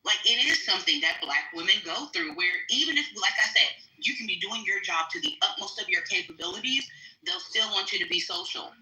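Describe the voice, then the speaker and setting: A woman speaks from her home kitchen while she cooks, telling her stories in a blunt, chatty way full of "like" and "quite literally." Her voice is very bright and rings in an echoey room. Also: fairly low pitch, expressive, fairly quick. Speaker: guest speaker, military veteran. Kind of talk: casual storytelling on a live stream.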